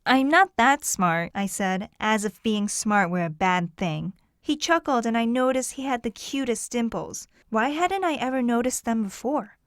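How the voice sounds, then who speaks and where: A woman with a fairly high voice reads a first-person audiobook, telling the story clearly and expressively. The recording is dry and close, with no room sound. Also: expressive, moderate pace, hardly any pauses, dry recording. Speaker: audiobook narrator.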